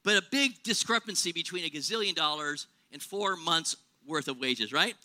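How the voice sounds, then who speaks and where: A man's voice: a little high, animated, moderate pace, pushed and bright. A man preaching a sermon in a conversational way, asking rhetorical questions and exaggerating for humor. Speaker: pastor.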